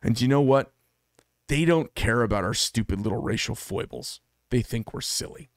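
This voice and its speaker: A middle-aged American knife maker and channel host delivers a solo monologue to camera, blunt, combative and profane. His voice is mid-range at a moderate pace, recorded dry with studio quality.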